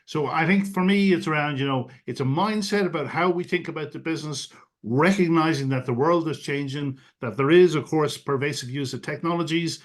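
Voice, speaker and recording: A man's voice: fairly high pitch, a little fast, hardly any pauses. A man, a guest expert on a webinar call, explains his views fluently, sprinkling in many "you know" fillers. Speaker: guest expert on digital strategy. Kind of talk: webinar interview answers. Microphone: video call.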